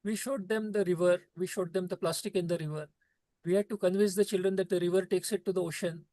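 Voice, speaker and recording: Give me an emphatic trainer addressing teachers over a video call, mid-pitched and dry. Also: steady tone, fast, dark tone, no echo. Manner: repetitive, emphatic, preachy phrasing.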